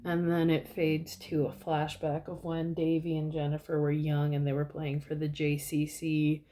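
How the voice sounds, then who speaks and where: Low, mellow-voiced woman rambling. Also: completely flat delivery, moderate pace. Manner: rambling, with many fillers, unsure of details. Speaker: vlogger. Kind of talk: casual retelling of a movie scene.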